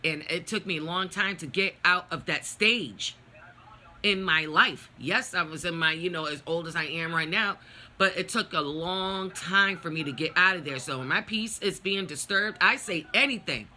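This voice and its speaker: Middle-aged woman, bright edgy voice, heated and foul-mouthed storytelling to camera. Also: on the low side, moderate pace. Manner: blunt, profane, heated venting. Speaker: vlogger. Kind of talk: personal storytime rant.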